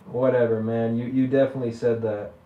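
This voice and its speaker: Deadpan man on a muffled security camera. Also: mid-range voice, a little fast. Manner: deadpan and needling. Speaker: user chatting with an AI. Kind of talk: deadpan trolling chat. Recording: dull, roomy, distant security camera audio.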